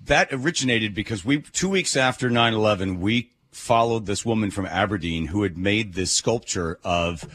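Male radio regular calling in by phone; husky, animated storyteller with a lower voice. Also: moderate pace, hardly any pauses. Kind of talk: casual storytelling chat. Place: bar, on the phone.

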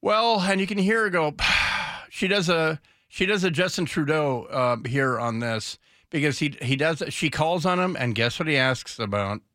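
A man's voice: a little high, normal speed, a bit bright, no room sound, clean studio sound. A male talk radio host giving casual, sarcastic political commentary. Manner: sarcastic, mocking.

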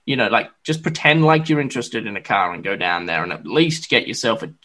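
A male podcast host in relaxed sports chat. His pitch swings widely as he talks, and he pads his sentences with fillers and restarts. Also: a little fast. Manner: lively, filler-heavy, chatty.

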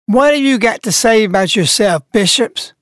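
A woman's voice: on the high side, expressive, moderate pace, no room sound. A woman hosting a religious broadcast, delivering preachy, scolding commentary. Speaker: broadcast host.

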